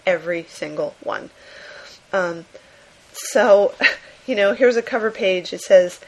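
A woman's voice: medium pitch, slow pace, darkish tone, poor audio. Chatty woman gushing about comics. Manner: enthusiastic, laughing often, many fillers. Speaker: podcast host. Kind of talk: casual book review monologue.

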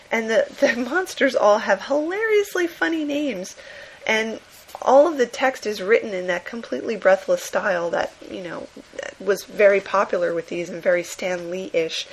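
A woman's voice: mid-range voice, animated, normal speed, low-quality recording. A woman hosting a podcast, giving a casual, enthusiastic book review with frequent laughs and fillers. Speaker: podcast host.

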